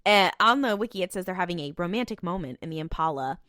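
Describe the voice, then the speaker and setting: A woman's voice: fairly low pitch, expressive, fast talker, bright, forceful tone, no echo, clean studio sound. A young woman co-hosting a casual rewatch podcast, recapping scenes with playful voiced quotes. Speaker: podcast co-host.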